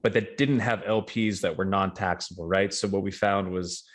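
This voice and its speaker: Man, low voice, middle-aged, interview guest, measured, confident, lots of fillers. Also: steady tone. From New York. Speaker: real estate investment guest. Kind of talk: casual interview talk.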